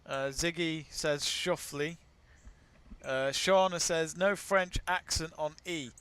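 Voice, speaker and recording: Bright, chatty British man hosting. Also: on the high side, steady tone, takes it slowly, clean tone, no echo. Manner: chatty, reads viewer comments aloud, laughs easily. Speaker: live stream co-host. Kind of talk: casual watch-along chat.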